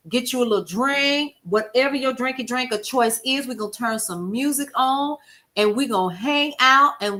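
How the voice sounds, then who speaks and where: A woman hosting a casual livestream, talking to viewers in a folksy, expressive way, calling out names from the chat and telling stories with lively quoted asides. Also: fairly high pitch. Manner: expressive, folksy, animated storytelling with chat shout-outs. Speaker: livestream host.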